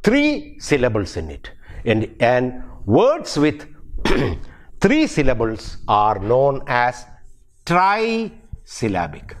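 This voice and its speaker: An older man from India, an English professor giving a recorded university lecture, speaking deliberately and spelling words out letter by letter. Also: medium pitch, huge pitch swings.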